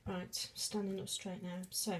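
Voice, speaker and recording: Casual woman, cooking vlog, self-deprecating, meandering, sniffing, home kitchen, loud sizzling. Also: mid-range voice, little pitch movement, unhurried, background noise. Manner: rambling, self-deprecating, many fillers and restarts. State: sniffing, eyes watering from onion.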